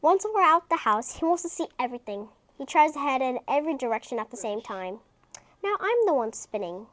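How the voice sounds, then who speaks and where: A woman's voice: sits high, sing-song, brisk, fairly bright tone. A woman reading a children's book aloud, breaking off into chatty asides.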